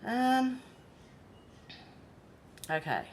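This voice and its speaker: Chatty Australian woman, higher voice. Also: big pitch swings, very slow, a little hiss or hum. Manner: chatty, self-mocking, laughs easily. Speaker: livestream host. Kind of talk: casual livestream chat.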